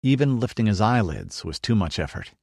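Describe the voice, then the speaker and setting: A man reads an audiobook in a low, measured voice. The recording is dry and close, with no room sound. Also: big pitch swings, breathy edge, dry recording. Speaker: audiobook narrator. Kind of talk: scripted narration.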